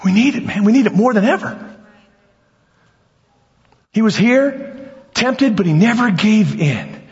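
A man preaching an animated sermon as pastor, swinging between loud bursts and quiet asides. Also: sits high, measured pace. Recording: dull lo-fi sound with long hall reverb.

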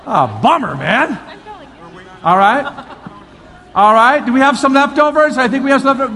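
Man, pastor, very high voice, coaxing and energetic, long reverb, faint crowd. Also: moderate pace, pauses often. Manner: energetic, coaxing, repeats commands. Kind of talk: lively sermon demonstration.

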